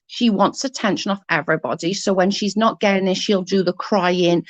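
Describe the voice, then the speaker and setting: A woman's voice: on the low side, fairly even intonation, moderate pace, few pauses, no echo. A woman in her forties with a Newport Welsh accent, ranting casually in a blunt, sweary and sarcastic way. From Wales. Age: 40s. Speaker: vlogger.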